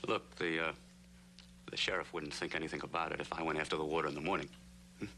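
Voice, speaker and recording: An actor playing an anxious homesteader and family man who speaks slowly and pleadingly, in an old TV western. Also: extremely low pitch, steady tone, bright, forceful tone, a little hiss or hum. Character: worried male homesteader, husband and father. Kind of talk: 1960s TV western acting.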